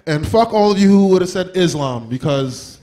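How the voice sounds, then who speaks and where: Guy doing raunchy standup on a club mic, kinda high voice, jumps into little character voices. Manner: crude, animated, acts out characters in quick voices. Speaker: stand-up comedian. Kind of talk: stand-up comedy set.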